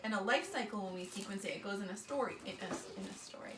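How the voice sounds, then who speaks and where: A woman's voice: mid-range voice, fast. A woman teaching a small-group lesson to children, upbeat and encouraging, calling them friends. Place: indoor room with children nearby. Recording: roomy, distant, noisy.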